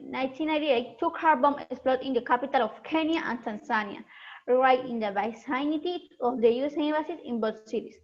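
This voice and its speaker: A teenage girl reading her prepared school presentation in a steady, careful way. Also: high-pitched, muffled recording. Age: teens. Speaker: student presenter.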